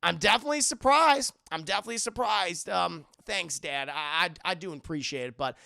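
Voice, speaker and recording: A man's voice: sits high, expressive, fairly quick, creaky, bright, forceful tone, no echo, studio quality, exaggerated voice. A man voicing an embarrassed teenage son leaving for college, brushing his dad off. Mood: polite. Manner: brushing off, impatient.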